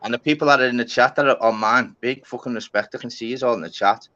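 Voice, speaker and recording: A man's voice: medium pitch, fast talker, sharp tone, muffled recording. A man hosting a casual live-stream chat, swearing and calling people mate and lad. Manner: chatty, swears, keeps saying mate and lad. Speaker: channel host.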